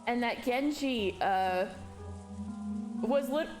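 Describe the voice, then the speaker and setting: A woman streaming a game, chatting casually with a giggly manner and sudden high squeals. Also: expressive, slow. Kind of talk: casual chat while reading a visual novel aloud. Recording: voice over loud music.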